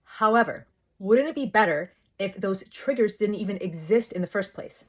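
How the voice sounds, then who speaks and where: A woman's voice: mid-range voice, normal speed. Slightly breathless woman talking casually. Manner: chatty, self-interrupting, animated storytelling. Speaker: host. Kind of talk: casual talk to camera. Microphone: phone held close.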